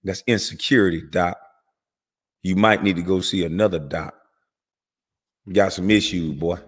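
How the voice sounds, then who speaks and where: A man's voice: fairly even intonation, slightly rough, in a large hall. A man delivering an angry, profane commentary rant as host of his channel. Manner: heated, profane, rapid swings in pitch and volume.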